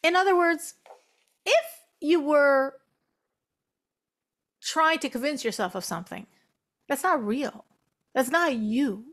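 An American woman teaching a religious class in a lively spoken style, repeating phrases for emphasis and quoting Hebrew. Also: high voice, takes it slowly, long pauses. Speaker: Torah teacher.

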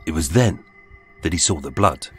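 A man narrating a true-crime story in a measured, dramatic scripted style. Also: very deep voice, expressive, slightly rough. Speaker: podcast narrator. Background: faint music.

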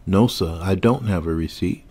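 A man's voice: low-pitched, moderate pace, darkish tone, breathy edge. A man voicing Peter, a proud, earnest Black carpenter and husband who pleads politely. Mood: pleading. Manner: polite, pleading, growing desperate.

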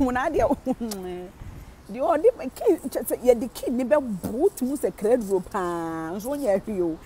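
A woman with a Ghanaian accent giving casual gossip commentary, animated, switching between Twi and English and laughing often. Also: a little high, measured pace, slight background noise. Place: living in Germany.

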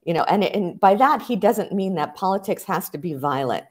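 Measured woman historian, low voice. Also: expressive. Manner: measured, lecturing, rising on key points. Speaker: historian guest. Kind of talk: thoughtful interview answer.

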